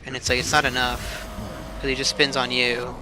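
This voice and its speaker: A man's voice: medium pitch, completely flat delivery, normal speed, music in the background. A young man casually talking over a match replay, swearing a lot, filling his talk with "like" and laughing often. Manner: loose and profane, heavy filler "like", laughs often. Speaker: streamer reviewing his team's match. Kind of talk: casual game replay commentary.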